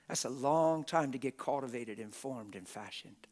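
A middle-aged man preaching a passionate, folksy sermon, often laughing and bursting into shouts. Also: medium pitch, normal speed. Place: church hall with a congregation.

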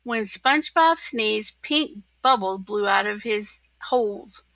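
A woman narrating a children's storybook aloud, reading clearly and expressively. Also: mid-range voice, takes it slowly, pushed and bright, no room sound. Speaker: storybook reader.

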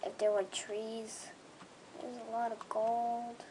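A young gaming creator commenting excitedly on their own play, with gushing, squealing bursts of excitement. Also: mid-range voice, takes it slowly, background noise.

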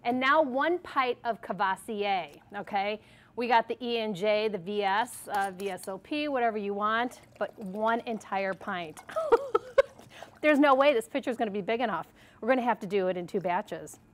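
On a studio kitchen set, a woman from Arkansas hosts a TV cooking segment, bubbly and jokey as she mixes a recipe and talks to the camera. Her voice is medium-pitched and moderately paced.

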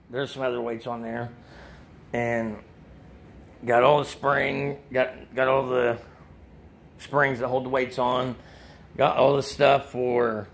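A man's voice: mid-range voice, gravelly, a bit bright. A middle-aged man chatting casually about workout gear and supplements, out of breath after a workout, rambling and restarting his sentences. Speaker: vlogger giving supplement advice. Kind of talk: casual chat.

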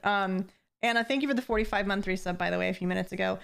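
A woman's voice: medium pitch, moderate pace, vocal fry, fairly bright tone. A woman streaming live, chatting casually with her viewers and laughing often.

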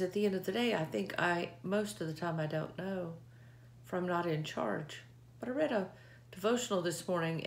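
A woman shares a reflective devotional, reading scripture between her own thoughts. She speaks very slowly and earnestly, in a fairly low voice, often halting and restarting mid-sentence. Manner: earnest, heartfelt, halting with pauses.

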